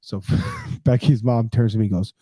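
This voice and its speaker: A man's voice: mid-range voice, normal speed, slightly rough, dry recording, clean studio sound. A man in his thirties, a podcast co-host telling a long story in casual chat, acting out what people said and swearing freely. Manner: animated storyteller, acts out quotes, swears casually.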